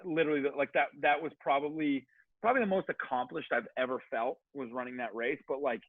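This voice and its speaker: A man on a podcast, telling a long story in a casual, animated, rambling way, swearing freely and saying "like" a lot. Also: medium pitch, quick pace, dry recording. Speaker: podcast guest. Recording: tinny phone-like sound, dry.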